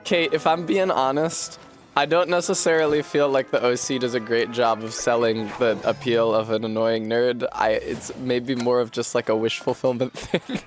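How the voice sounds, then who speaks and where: A man's voice: mid-range voice, flat delivery, moderate pace, music in the background. A man chatting casually while streaming a game, joking and swearing through rambling asides.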